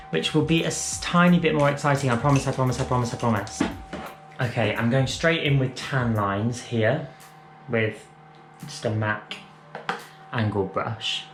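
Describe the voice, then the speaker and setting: A man's voice: medium pitch, a little slow. Brief: male drag makeup vlogger, rambling playful chat, room echo with faint music. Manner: rambling, self-correcting, playful. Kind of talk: chatty makeup tutorial. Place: room at home.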